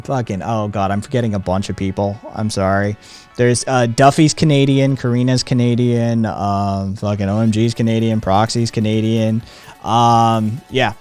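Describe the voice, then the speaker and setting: A man's voice: fairly low pitch, fairly even intonation, moderate pace, darkish tone, clear, resonant tone, soft background music. An American man hosting a live stream, chatting casually, rambling with lots of ums and frequent swearing. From United States. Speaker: streamer host. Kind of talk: casual chat.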